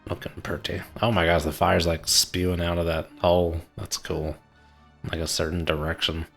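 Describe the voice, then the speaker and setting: Man, very low voice, casual gameplay commentary, chatty, quiet music behind. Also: little pitch movement, moderate pace, vocal fry. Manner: chatty, laughs often, talks to himself. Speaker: streamer.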